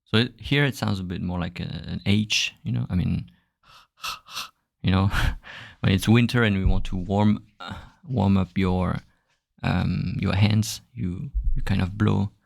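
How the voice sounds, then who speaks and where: Slow, deep, gravelly French-accented man. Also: no echo, studio quality. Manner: relaxed, searching for words, many fillers. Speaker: French teacher, podcast host. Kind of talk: podcast language lesson.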